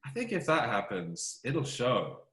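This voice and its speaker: A man, a film composer, telling stories as a guest in a casual interview, animated and self-deprecating. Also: medium pitch, unhurried, reverberant.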